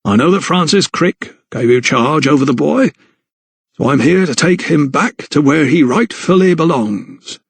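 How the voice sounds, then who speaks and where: A man's voice: a little high, lively intonation, measured pace, creaky, husky, no echo, voice pushed up, heavily acted. A man voicing a prim, supercilious little notary who speaks stiffly and indignantly in an audiobook.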